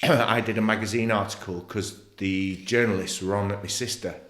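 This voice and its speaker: Steady in tone and at normal speed, this voice is on the low side and a bit bright. It belongs to a middle-aged English ex-footballer telling his story on a podcast, bluntly, emotionally and with plenty of swearing, in a roomy-sounding studio.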